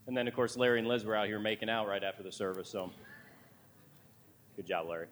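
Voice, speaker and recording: A man's voice: fairly low pitch, fairly even intonation, fast talker, fairly bright tone. A man pastor opening a church service, teasing the congregation with light jokes before introducing guests. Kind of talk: sermon intro with light humor.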